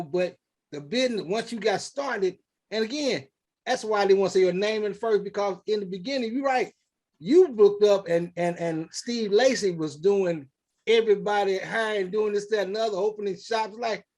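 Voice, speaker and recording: A man hosting an interview, telling stories in an animated, rambling way. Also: sits high, normal speed. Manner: animated, rambling storytelling with quoted dialogue. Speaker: show host. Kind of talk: casual conversational interview.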